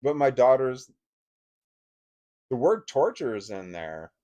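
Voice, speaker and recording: A man at a middle pitch recounts a personal story to camera. He talks bluntly and emotionally, swears freely and keeps breaking off and restarting his sentences. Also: very animated, slow pace, dark tone. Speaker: vlogger.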